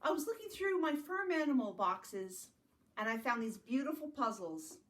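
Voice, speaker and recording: A woman from Canada leading a virtual family literacy circle, singing rhymes and talking gently and encouragingly to young children. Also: sits high, sing-song, normal speed. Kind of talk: virtual circle-time lesson with songs and rhymes. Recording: distant mic in an echoey room.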